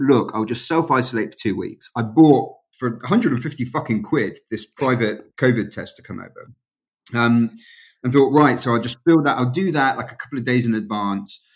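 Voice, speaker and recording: A man hosting a podcast interview, wry and jokey, swearing casually as he chats. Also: medium pitch. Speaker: podcast host.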